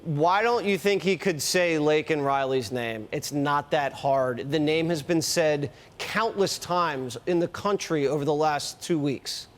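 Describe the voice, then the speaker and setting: A man's voice: on the high side, measured pace, hardly any pauses, big-room sound. A man hosting a cable news interview, asking pointed, wry questions. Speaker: news host.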